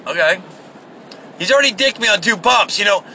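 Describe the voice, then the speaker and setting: A man telling a rambling, profane story in a casual, animated way, seated inside a vehicle. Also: high-pitched, brisk, a little hiss or hum.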